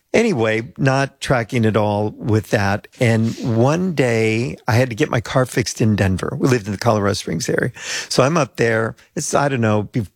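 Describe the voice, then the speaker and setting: An older man from the United States tells a long personal story, acting out the voices of the people in it. His voice is husky, and the recording is dry and close with no room sound. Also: mid-range voice, no room sound. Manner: chatty anecdotal storyteller, acts out quoted voices. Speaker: pastor. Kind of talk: storytelling interview guest.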